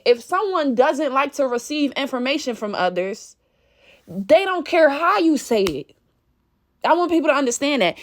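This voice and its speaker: A woman vlogger ranting to camera in a blunt, profane, exasperated way. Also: high voice. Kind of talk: casual rant to camera.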